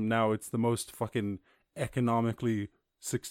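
A man hosting a casual podcast, ranting about the news in a profane, animated way, full of laughs and asides. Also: fairly low pitch, normal speed, no echo, clean studio sound. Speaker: podcast host.

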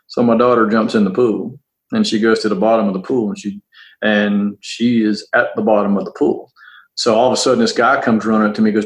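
A middle-aged man, a police officer, telling a personal story in a halting, earnest way, often repeating words and starting over. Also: fairly low pitch, fairly even intonation, low-quality recording.

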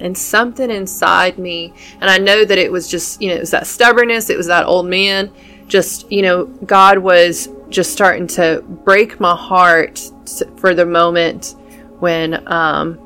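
A woman's voice: medium pitch, fairly even intonation, moderate pace, a bit bright, soft background music. Earnest woman telling her story. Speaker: guest. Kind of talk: telling her faith testimony.

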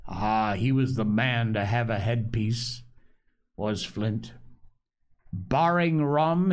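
A man reading a storybook aloud in an expressive, measured way. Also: medium pitch. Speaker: audiobook reader. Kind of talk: storybook narration.

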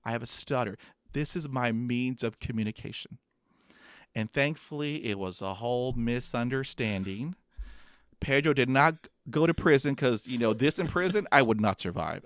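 An adult man with a master's degree tells a self-mocking personal story, acting out quotes while stuttering with blocks and repeated sounds. His mid-range voice is expressive, fairly bright, clear and resonant at a moderate pace, recorded in studio quality with no room sound.

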